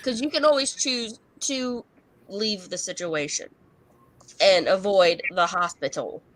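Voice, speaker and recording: A woman's voice: medium pitch, measured pace, fairly bright tone, low-quality recording. A woman who works as a professional psychic, giving a frank, chatty tarot reading with casual asides and swearing.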